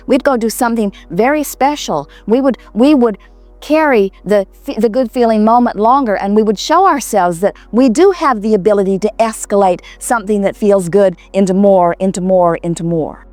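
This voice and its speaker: A woman giving an inspirational talk to a live audience, speaking as a collective "we" in a calm, reassuring way with repeated phrases. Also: mid-range voice, no echo. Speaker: seminar speaker answering audience questions.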